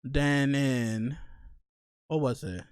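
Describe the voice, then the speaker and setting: A young man hosting a podcast, telling stories in slangy, animated casual chat. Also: medium pitch, very slow, smooth, no echo. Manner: slangy, animated storytelling with laughs. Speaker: podcast host.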